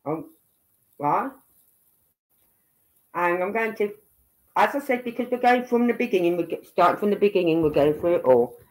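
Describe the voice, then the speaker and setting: A woman's voice: fairly low pitch, animated, moderate pace, long pauses, darkish tone. A woman from England with a Birmingham accent, chatting casually on a livestream and thinking aloud as she goes. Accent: Brummie (Birmingham). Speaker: livestream commentator.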